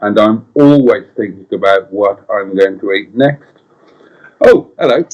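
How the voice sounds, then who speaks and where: A man's voice: on the low side, a little slow, a little mellow. A middle-aged man with a Welsh accent, co-hosting a casual live-stream chat in a wry, playful way and reading out viewer comments. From Wales. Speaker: co-host. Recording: dull lo-fi sound.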